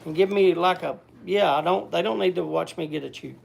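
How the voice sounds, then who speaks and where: A man with a high, gravelly voice talks loosely to his online audience. He rambles, restarts his sentences and keeps scolding a pet. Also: fairly quick, slight background noise. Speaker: livestream host. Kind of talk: casual livestream chat.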